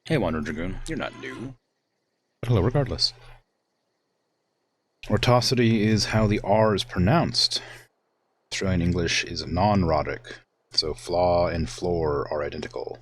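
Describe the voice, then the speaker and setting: A man's voice: low-pitched, lively intonation, normal speed, pauses often, a little hiss or hum. A man streaming a video game, chatting casually and reacting to viewers' comments.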